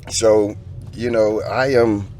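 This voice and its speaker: A middle-aged man from Florida, a guest telling his story in a relaxed, talkative way inside a car. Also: on the low side, takes it slowly, slight background noise. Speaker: guest, actor and former football player. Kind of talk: casual interview.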